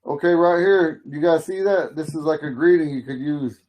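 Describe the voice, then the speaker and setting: A middle-aged man teaching an online language class, explaining slowly and repeating phrases for his students. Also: fairly high pitch, fairly even intonation, a little mellow, rough recording. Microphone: video call.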